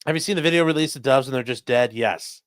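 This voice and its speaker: A man's voice: mid-range voice, quick pace, dry recording, studio quality. A man with a Great Lakes American accent hosting a casual livestream, rambling as he reads viewer comments aloud. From Midwestern United States. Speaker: livestream host. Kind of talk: casual livestream chat reading super chats.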